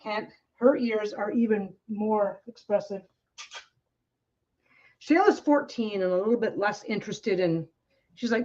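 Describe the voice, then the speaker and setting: A woman's voice: on the high side, animated, measured pace. Rambling woman quilter, dull lo-fi audio. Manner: rambling, restarts, coos to her dogs. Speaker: quilting vlogger. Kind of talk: casual chat while crafting.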